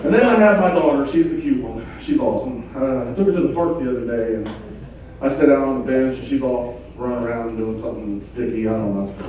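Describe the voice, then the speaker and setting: A middle-aged man doing a stand-up comedy set in a club, delivering crude jokes in a deadpan way. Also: mid-range voice, fast, highs cut off, slight background noise. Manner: crude deadpan one-liners. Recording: echoey club from far off, crowd laughter. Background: audience laughing.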